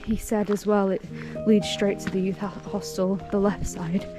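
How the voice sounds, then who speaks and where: A woman's voice: mid-range voice, little pitch movement, normal speed, over music. A young woman chatting casually to camera as a hiking vlogger outdoors, rambling and laughing often.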